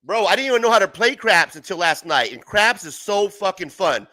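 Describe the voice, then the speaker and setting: A young man hosting a livestream, his voice high and bright, swinging widely in pitch. He rambles through profane stories and laughs often, recorded close and dry. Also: big pitch swings, brisk, dry recording. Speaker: livestream host. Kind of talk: casual livestream chat.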